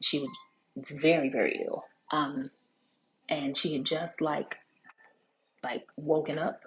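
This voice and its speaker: A woman's voice: sits low, steady tone, slow pace, slight background noise, poor audio. A woman giving a casual, chatty cooking demonstration, telling family stories with lots of fillers and restarts. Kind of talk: casual storytelling cooking demo.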